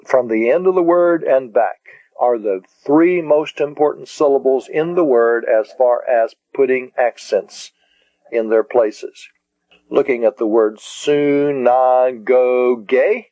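A man teaching in a slow, patient lecture style, repeating key words for his students. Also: mid-range voice, dark tone, dry recording. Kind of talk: slow lecture on Greek syllables. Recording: dull lo-fi recording.

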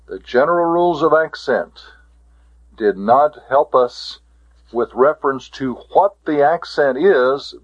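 A man teaching a Greek grammar lesson, speaking deliberately and repeating key terms for his students. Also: mid-range voice. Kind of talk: classroom lecture. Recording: dull lo-fi lecture recording.

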